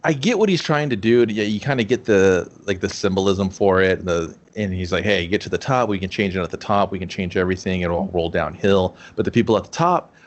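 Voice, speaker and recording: A man's voice: deep voice, a little fast, hardly any pauses, dull audio. A man co-hosting a casual movie review podcast, swearing freely and acting out characters' lines as he retells scenes. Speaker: podcast co-host.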